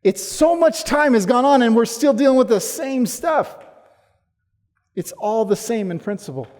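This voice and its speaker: A man's voice: expressive, moderate pace. Emphatic male pastor in a reverberant hall. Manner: emphatic, rising to forceful challenges then dropping low. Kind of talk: sermon. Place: church sanctuary.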